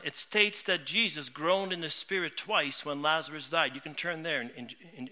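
High, sharp-toned middle-aged preacher. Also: male voice, moderate pace. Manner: earnest, heartfelt storytelling with frequent word repeats. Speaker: pastor. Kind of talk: sermon.

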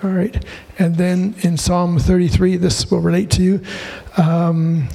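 A man ministering in church, delivering a prophetic word and reading scripture, gentle with light chuckles. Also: high-pitched, level tone, unhurried, gravelly, hardly any pauses. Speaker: pastor or prayer minister.

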